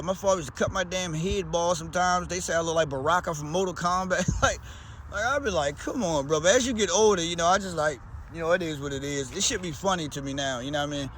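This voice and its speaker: A vlogger from Baltimore, USA, rambles casually in a loose, slangy way with a Baltimore accent. His voice is high with a fairly bright tone, and there's a little hiss or hum.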